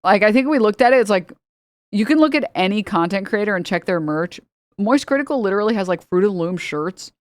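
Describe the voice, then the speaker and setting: A woman's voice: mid-range voice, lively intonation, quick pace, dry recording. Exasperated young woman streamer, dry close mic. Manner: exasperated, rambling, sarcastic. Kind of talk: casual stream chat.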